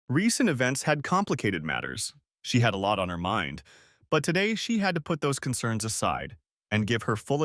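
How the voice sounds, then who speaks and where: A man reading a story aloud as an audiobook narrator, measured and expressive. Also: medium pitch, no room sound, clean studio sound. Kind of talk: scripted narration.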